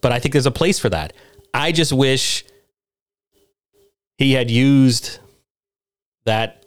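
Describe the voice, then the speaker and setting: A man's voice: no echo, clean studio sound. Rambling man ranting about comedy. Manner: rambling, climbs into incredulous high-pitched rants. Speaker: podcast host reviewing comedy. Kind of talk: casual podcast commentary.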